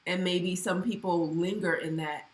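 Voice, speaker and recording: A woman co-hosting a podcast, speaking in a thoughtful, measured, reflective way. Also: fairly low pitch, steady tone. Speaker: co-host. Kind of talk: casual podcast conversation. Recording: echoey room.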